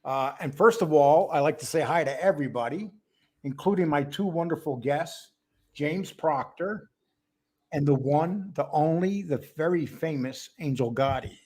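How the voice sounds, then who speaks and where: A man's voice: a little high, moderate pace, darkish tone, slightly rough. A man hosting a live stream in a casual, chatty way, greeting viewers by name one after another. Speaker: host of a live stream show.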